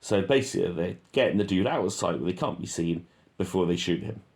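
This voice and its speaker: A man's voice: low-pitched, expressive, a little fast, vocal fry, a little mellow. A man reading a transcript aloud and commenting on it, in an offhand way with many ums and self-corrections. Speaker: reader and commentator.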